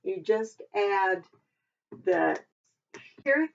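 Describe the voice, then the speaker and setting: A woman teaches a relaxed vocabulary lesson, talking through each word and checking herself as she goes. Her voice sits at a middle pitch for a woman. The recording is dull and lo-fi. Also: very slow, vocal fry. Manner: chatty, thinks aloud, double-checks herself. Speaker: Hebrew teacher.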